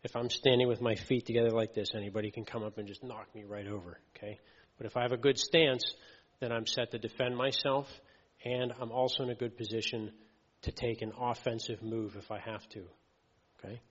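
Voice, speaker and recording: A man delivers a sermon in a plain, conversational manner, pausing on fillers and checking that the congregation is with him. His voice sits at an ordinary mid pitch. The recording is dull and muffled, with a long reverb trailing off the walls of a church hall. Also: steady tone. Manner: conversational, frequent fillers and checks like "okay" and "right". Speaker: lay preacher.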